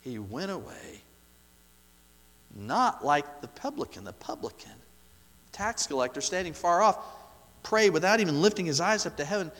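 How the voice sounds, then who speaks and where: A male pastor preaches with a lively, swooping voice that sits a little high for a man. He asks his listeners questions and hammers his points with repetition, dropping almost to a murmur and then rising again. A long reverb hangs behind him. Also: moderate pace, long pauses. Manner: rhetorical questions, emphatic repetition, wide swings in loudness. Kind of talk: sermon.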